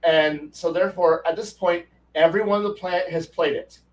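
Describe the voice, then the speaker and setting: High-voiced man ranting, mic a bit distant. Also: moderate pace. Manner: animated ranting, swears freely. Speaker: podcast co-host. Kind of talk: casual gaming chat.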